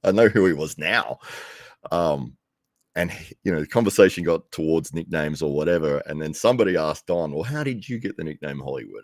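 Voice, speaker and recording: A middle-aged man with an extremely low, deep voice tells a casual, rambling story. He chuckles often and perks up when quoting himself. He is recorded close to the mic in a dry space. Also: dry recording. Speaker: arm wrestling commentator.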